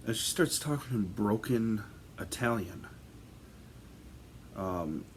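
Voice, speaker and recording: A man with a very low voice tells a personal ghost story in an unhurried, casual way. He rambles, with plenty of ums and false starts. A faint hiss sits under his voice. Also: lively intonation. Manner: rambling, filler-heavy, conversational.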